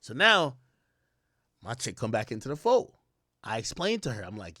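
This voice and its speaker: A man's voice: medium pitch, brisk, dry recording, clean studio sound. A young adult man telling a long personal story in casual, profane streamer talk, acting out the voices of people he quotes. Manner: animated, swears a lot, acts out quoted voices.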